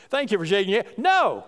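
A man's voice: high-pitched, smooth. A man preaching a sermon as pastor, folksy and emphatic, his voice rising on key points. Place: church sanctuary. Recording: reverberant church hall.

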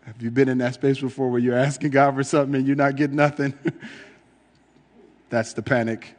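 A man's voice: mid-range voice, level tone, moderate pace, long reverb tail. A man preaching in a casual, conversational way, reading scripture and explaining it with frequent fillers.

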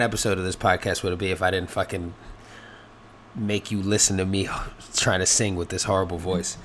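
A man hosts a casual solo podcast, rambling along and swearing freely, with lots of fillers and restarts. His voice is deep yet fairly bright, his tone level, and he talks a little fast.

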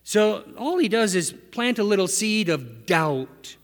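A man's voice: high voice, very animated, takes it slowly. A man preaching a sermon in a conversational way, asking his listeners rhetorical questions. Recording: echoey hall reverb.

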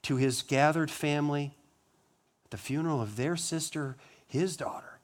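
Male pastor, slightly high voice, sermon delivery with rhetorical questions and hushed solemn drops. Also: moderate pace. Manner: rhetorical questions, rising emphasis on key words; drops to a low, quiet voice on solemn lines.

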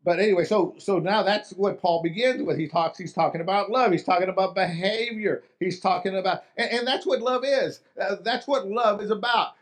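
A man's voice: high-pitched, brisk, hardly any pauses. A man preaching a sermon in an earnest way, often restarting phrases and asking the listeners rhetorical questions. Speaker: pastor.

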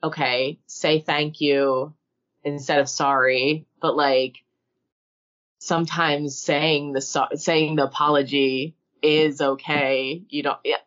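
A woman's voice: low-pitched, little pitch movement, slow, fairly bright tone, muffled recording. A woman who teaches preschool, chatting casually as a podcast guest and acting out talks with children.

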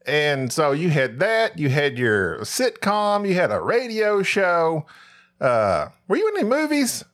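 Rambling Texan podcast host. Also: male voice, a little high, wildly swooping pitch, measured pace, fairly bright tone. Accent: Northeast Texas. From Paris, Texas. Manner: rambling, self-mocking. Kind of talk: casual podcast chat.

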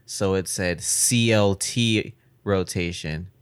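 A man's voice: sits low, slow pace, background noise. A young man in casual chat, telling work stories in a laid-back, slangy way with plenty of swearing.

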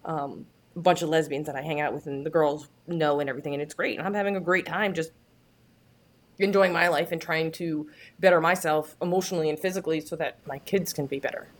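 Woman guest in a casual chat, low-ish voice, earnest and open, restarts a lot. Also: steady tone, fast talker. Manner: candid, earnest, frequent restarts.

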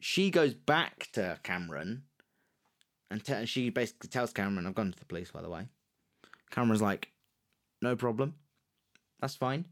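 A man, casually telling a true-crime story on a podcast, animated and jokey, slipping into quick put-on voices. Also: on the low side. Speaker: podcast co-host.

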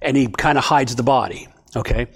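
A man's voice: medium pitch, fairly quick, vocal fry, slightly rough. Conversational man teaching Bible study. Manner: conversational, checks in with "okay?". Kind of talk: casual Bible study talk.

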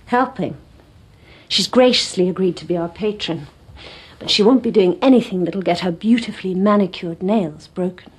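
Actress as a husky, sarcastic young woman doctor. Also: mid-range voice, moderate pace, lightly acted. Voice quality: dry, sarcastic. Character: dry-witted young woman doctor, a constable's wife.

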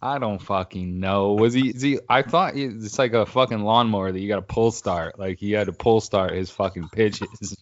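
A man's voice: lowish voice, normal speed, no room sound. A man in his thirties co-hosting a podcast, rambling casually with lots of swearing and laughter. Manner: rambling, profane, laughs often. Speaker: podcast co-host. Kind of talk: casual chat. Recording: dull lo-fi audio.

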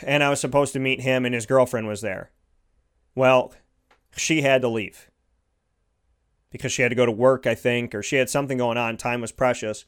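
A man's voice: medium pitch, steady tone, moderate pace, pauses often, clear, resonant tone. A man giving an earnest, heartfelt motivational monologue, repeating his points for emphasis.

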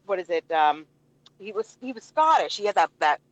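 A woman co-hosting a casual chat, warm and chatty, laughing easily and searching for words. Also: on the low side, big pitch swings, moderate pace, no room sound, dull audio. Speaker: co-host.

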